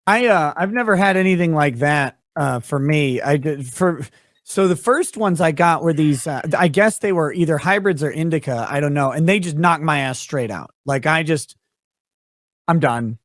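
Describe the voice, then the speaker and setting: A man hosting a casual live-stream chat, relaxed and easygoing, with frequent "uh" fillers. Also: a little high, moderate pace, dry recording, studio quality.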